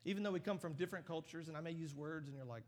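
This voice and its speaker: A man preaching a sermon in a large church auditorium, animated and emphatic, building to loud peaks. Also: a little high, racing. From United States. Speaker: guest preacher. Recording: long reverb of a large hall.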